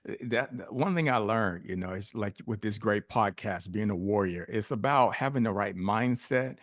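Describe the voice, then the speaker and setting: Middle-aged guy, lowish voice, dry close mic, punchy storytelling w/ lots of "what do you do?". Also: moderate pace, no room sound. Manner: emphatic, builds stories with rhetorical questions. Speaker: podcast guest. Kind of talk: personal storytelling in a podcast interview.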